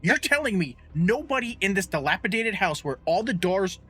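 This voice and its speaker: High, bright-voiced man ranting. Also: very animated, normal speed, husky, soft background music. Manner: rambling, profane, incredulous ranting. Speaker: podcast co-host. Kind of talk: casual podcast chat.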